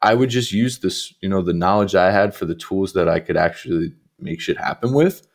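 A man's voice: low voice, brisk, gravelly. A man, a guest artist on a podcast, talking in a laid-back casual way with lots of filler and some swearing. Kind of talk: casual chat.

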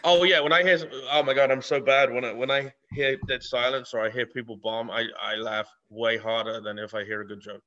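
Male guest comic from England, bright forceful voice, blunt and profane, muffled lo-fi recording. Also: mid-range voice, fairly even intonation, a little fast, hardly any pauses. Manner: blunt, swearing, laughs often. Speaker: guest comedian. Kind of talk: casual podcast chat.

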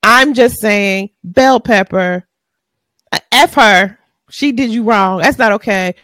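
A woman's voice: medium pitch, takes it slowly, a bit bright, dry recording. A woman, co-hosting a podcast, ranting bluntly and with profanity in casual chat. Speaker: podcast co-host.

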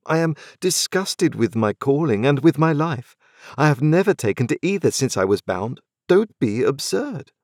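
A man's voice: mid-range voice, expressive, moderate pace, darkish tone, no room sound, studio quality, voice pushed up. A man voicing an earnest, restless young man in a storybook reading, pleading and impatient. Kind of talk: audiobook character reading.

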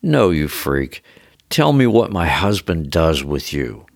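A jealous wife, bitter and sarcastic in every reply. A man with a very low voice plays her. Dry, close sound. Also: sing-song, takes it slowly, vocal fry, no echo, exaggerated voice. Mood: irritated sarcastic.

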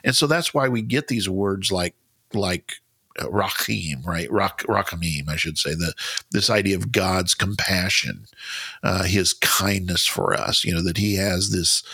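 A man's voice: deep voice, unhurried, gravelly, pushed and bright, slightly rough, no room sound. A man co-hosting a Bible study podcast, talking earnestly in casual chat and often repeating and restarting his words. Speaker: podcast co-host.

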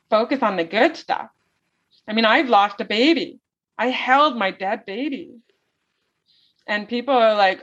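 Here an interview guest, a woman whose voice sits a little high and sounds a bit bright, speaks at a moderate pace. She recounts her story with sincere, heartfelt feeling, captured on dull lo-fi audio.

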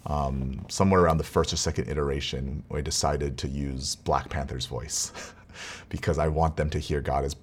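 A man's voice: very deep voice, fairly even intonation, moderate pace, slight background noise. A man telling a personal family story in a casual, rambling, earnest way. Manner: rambling, earnest, with restarts and quiet laughs. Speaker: vlogger, father.

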